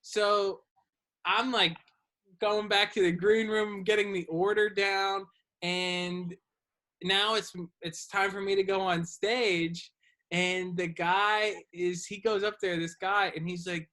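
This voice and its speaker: A man, a comedian and podcast host, telling a story in casual chat. He is animated and clears his throat often. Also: high-pitched, slow pace.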